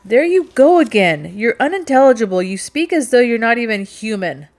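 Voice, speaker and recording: A woman's voice: on the low side, measured pace, creaky, darkish tone. A woman reading the part of a guarded male sea captain who is blunt and easily exasperated in an audiobook.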